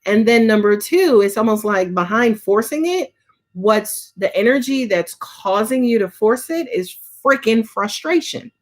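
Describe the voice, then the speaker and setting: A woman's voice: a little high, lively intonation, measured pace. A woman giving a casual live tarot reading, chatty and full of filler words and swearing. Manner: casual, chatty, swears often, frequent "right?" and "um". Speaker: tarot reader.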